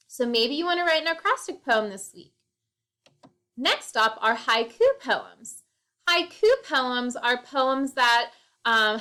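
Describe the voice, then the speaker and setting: A woman's voice: on the high side, pushed and bright. A woman teacher giving a recorded poetry lesson, patiently counting out syllables. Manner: slow, patient, clapping out syllables.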